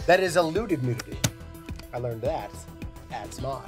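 A man's voice: mid-range voice, animated, moderate pace. A man joking with friends during a party card game, tossing out playful quips. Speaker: show regular. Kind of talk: casual game chat. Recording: music playing underneath.

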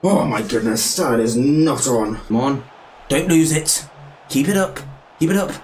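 A young British man giving excitable, cheeky live commentary on a football video game, with game music behind him. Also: mid-range voice, a little slow, a little hiss or hum. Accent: British English. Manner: excitable, shouting and cheeky trash talk. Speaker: gaming YouTuber.

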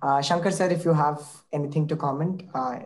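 A man moderating an online session, courteous and hesitant, filling pauses with uh as he calls on speakers. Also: fairly high pitch. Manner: hesitant, many uh fillers, courteous. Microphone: video call, distant from mic. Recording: distant video-call audio.

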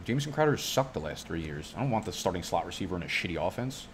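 Male streamer, low voice, loose and profane, tangent-prone chat. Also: lively intonation, fast talker, few pauses, a little hiss or hum. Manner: profane, rambling, goes off on tangents. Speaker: fantasy football youtuber. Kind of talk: casual live-stream commentary. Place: home studio.

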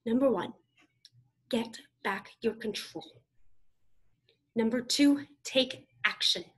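A woman's voice: on the high side, slightly rough. Emphatic woman giving a keynote. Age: 30s. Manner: emphatic, punchy, addresses audience directly. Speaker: motivational keynote speaker. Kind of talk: motivational keynote speech.

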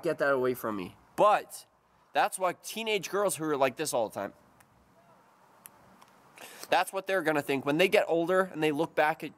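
A man's voice: on the high side, a bit bright. A man in his twenties chatting casually to the camera in a vlog, rambling and joking as he tells stories outdoors. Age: 20s. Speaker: vlogger. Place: outdoors in a quiet open field.

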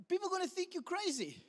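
A man with a South African English accent preaching a sermon, animated, acting out the voices of the people he quotes. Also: extremely high pitch. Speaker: pastor. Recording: long hall reverb.

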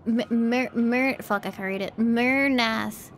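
Sick woman streamer, teasing and sardonic, slightly high voice. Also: slow, slight background noise. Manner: teasing, sardonic chatter at chat. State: ill, throat infection. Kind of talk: casual live gameplay commentary.

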